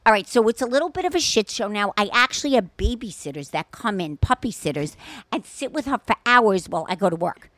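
Animated older woman, lively swearing storyteller. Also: mid-range voice, fairly quick, dry recording. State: sore-throated, exhausted. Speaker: podcast co-host. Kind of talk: casual chat.

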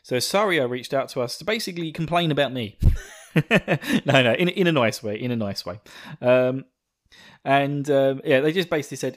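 A man's voice: medium pitch, moderate pace. A young man from England with an Essex accent, hosting a podcast in casual, self-mocking chat and laughing often. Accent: Essex English. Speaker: podcast host.

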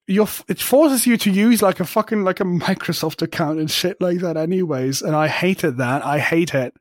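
A man's voice: high-pitched, no echo. Sweary ranting man, dry close sound. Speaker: podcast co-host. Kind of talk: casual tech podcast chat.

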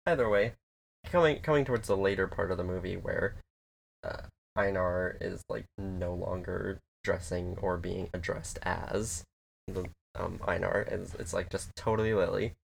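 Gravelly man rambling about a film. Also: low-pitched, steady tone, normal speed, slight background noise. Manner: rambling, profane, laughing, quoting film scenes in little voices. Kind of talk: casual chat.

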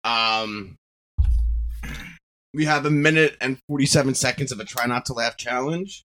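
A man hosting a podcast, leading the segments with quick, sarcastic casual chat while playing video clips. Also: medium pitch, bright, forceful tone. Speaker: podcast host.

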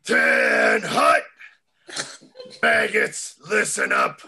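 A man putting on a gruff, bossy drill sergeant who barks orders in a raspy, gravelly voice. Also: on the high side, wildly swooping pitch, drawn-out words, pushed and bright, exaggerated voice. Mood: barking orders. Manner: barking orders. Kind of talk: comedic impression in a podcast ad.

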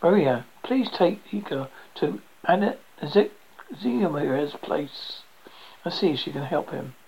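Reader playing a weary, steady leader, firm and gravelly. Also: mid-range voice, slow pace, heavily acted, low-quality recording. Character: weary, steady man leading desert survivors.

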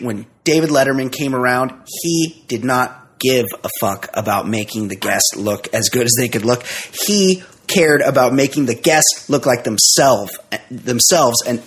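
A middle-aged man co-hosting a podcast in casual chat, joking and sarcastic with quick asides. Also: mid-range voice, slightly rough. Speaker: podcast co-host.

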